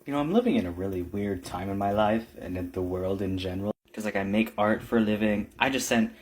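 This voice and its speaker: A man with a husky, slightly rough voice talks to camera in a loose, casual vlog manner. He gushes about the things he makes, turns emotional easily and swears freely as he goes. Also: on the low side, quick pace, a little mellow. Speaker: artisan vlogger. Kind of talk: casual selfie-video talk.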